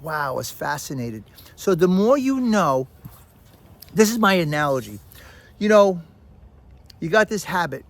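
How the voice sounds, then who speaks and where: A man with a somewhat high voice hosts a podcast in a casual self-help monologue. He tells stories in an animated way, repeats phrases for emphasis and talks straight to the listener. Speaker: podcast host.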